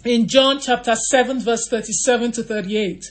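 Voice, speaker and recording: A woman's voice: fairly high pitch, steady tone, moderate pace, few pauses. Fervent woman leading a prayer line. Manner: fervent, repetitive, half-sung prayer. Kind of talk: prayer and worship on a hotline.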